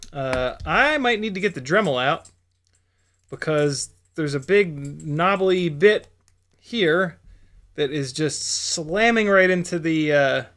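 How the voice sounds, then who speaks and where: A man's voice: on the high side, a bit bright. A man hosting a casual live stream, talking through a hands-on build with rambling asides and swearing. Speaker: livestream host building a drone.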